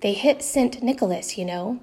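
A woman's voice: medium pitch, moderate pace, a little mellow, husky. A woman reading the lines of a serious boy who likes to sound official. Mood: hushed. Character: serious chubby Dutch schoolboy friend.

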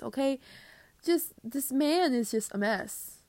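A woman's voice: fairly high pitch, animated, moderate pace, no room sound. Young woman ranting casually into a dry mic. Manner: rambling, joking, drops into whispers for asides. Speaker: podcast host. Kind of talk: casual rant.

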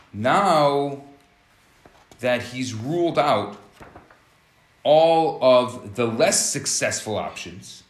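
Animated man teaching in an echoey room. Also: medium pitch. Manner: animated, explanatory, acts out scenarios. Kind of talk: relationship teaching talk.

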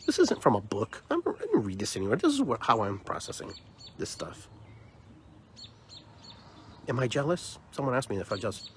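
A man's voice: medium pitch, huge pitch swings, normal speed, long pauses, a little hiss or hum. A man hosting a podcast, delivering an emphatic, opinionated monologue and often repeating words as he builds his point. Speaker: podcast host.

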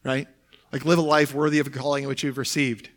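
A man's voice: mid-range voice, little pitch movement, quick pace, a bit bright. A young adult man who is a pastor, preaching a sermon in a conversational way, often saying "like" and "right?".

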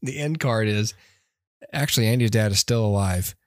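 A man in his thirties co-hosting a podcast, joking and quick to laugh in casual chat. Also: on the low side, no echo, clean studio sound. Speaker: podcast co-host.

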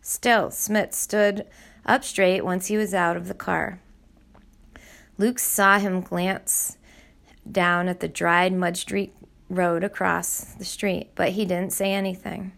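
An audiobook narrator reads a novel in scripted narration. Her gravelly voice is fairly low in pitch, and her storytelling is steady and measured.

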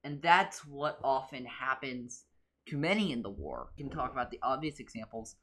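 A woman co-hosting a podcast in casual discussion, animated and jokey, slipping into quoted lines. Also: extremely low pitch, moderate pace. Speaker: podcast co-host.

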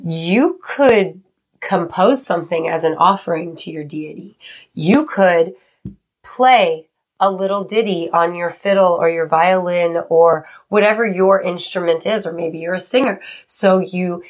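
A woman's voice: lowish voice, a little slow, lo-fi sound. A woman co-hosting a podcast in casual chat, talkative and swearing freely, with a way of speaking. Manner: chatty, swears freely, tearful when moved. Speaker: podcast co-host.

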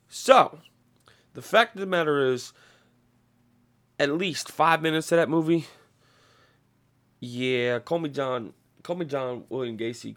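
A man's voice: mid-range voice, a bit bright. A man hosting a podcast, ranting casually with heavy swearing and a rambling flow. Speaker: podcast host. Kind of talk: casual profane rant.

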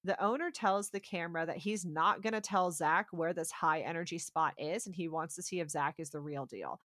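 A woman co-hosting a podcast, casually recapping a TV episode as a lively storyteller who acts out the quotes. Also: fairly low pitch, fairly quick, no room sound, studio quality. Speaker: podcast co-host.

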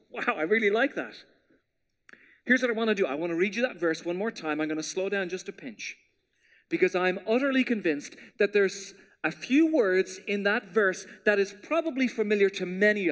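A man preaching a sermon as pastor, in a conversational style that drops to hushed tones for scripture. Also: high-pitched.

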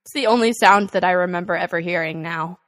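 A woman's voice: lowish voice, fast, a bit bright. A young woman co-hosting a podcast, chatting casually about her morning, laughing often and swearing now and then. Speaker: podcast co-host. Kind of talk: casual chat.

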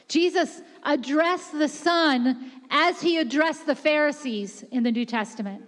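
A woman preaching a sermon with passion, shifting her voice to act out the quotes she tells. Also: high-pitched. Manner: impassioned, quick-shifting, voices God and the Pharisees in quotes. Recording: echoey hall reverb.

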